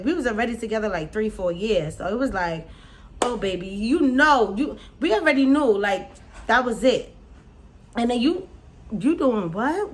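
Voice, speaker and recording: Animated woman telling a storytime. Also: fairly high pitch, a little hiss or hum. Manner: animated, slangy, repeats "like" and "y'all". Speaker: vlogger. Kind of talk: casual storytime vlog.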